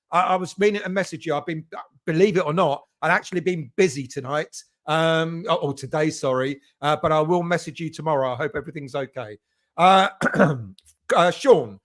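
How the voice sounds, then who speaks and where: A middle-aged man from England hosts a casual live stream for fans, reading out viewer comments one after another. His voice sits fairly high for a man. He talks in a loose, friendly way, greets each viewer as mate, and fills his sentences with ums and uhs. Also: a bit bright. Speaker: host of a fan live stream.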